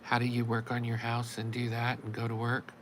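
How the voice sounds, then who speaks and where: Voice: medium pitch, monotone, brisk, a little hiss or hum, rough recording. A channel host telling a long story in casual live-stream chat, acting out both sides of each conversation with wry exasperation.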